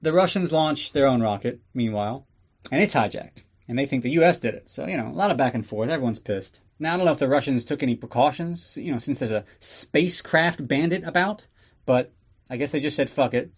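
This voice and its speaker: A man's voice: mid-range voice, expressive, fairly quick. A man hosting a podcast, giving a casual, sarcastic and profane recap of a movie. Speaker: podcast host.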